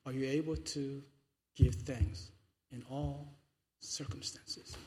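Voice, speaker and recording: A male pastor preaching a sermon, moving between quiet reflection and loud, fervent declarations. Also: medium pitch, fairly even intonation, slow, a little hiss or hum. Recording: long reverb of a large hall.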